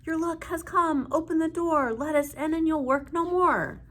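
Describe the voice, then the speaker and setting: A woman voicing a crowd of mischievous fairies in a storybook read-aloud, chanting in a high sing-song. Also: normal speed, fairly bright tone. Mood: wheedling. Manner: chanting, wheedling.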